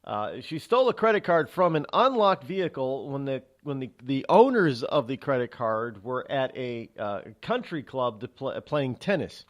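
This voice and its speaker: A man's voice: mid-range voice, sing-song, moderate pace, hardly any pauses. A man hosting a talk radio show, telling a story in a rambling, amused way with many restarts. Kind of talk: casual radio monologue.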